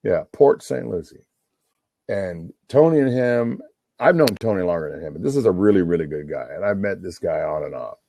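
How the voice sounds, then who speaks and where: Middle-aged man, low dark husky voice, rambling and profane, dry sound. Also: animated, moderate pace, dry recording. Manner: rambling, profane, talks over himself. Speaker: livestream host on a phone call. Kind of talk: rambling casual monologue.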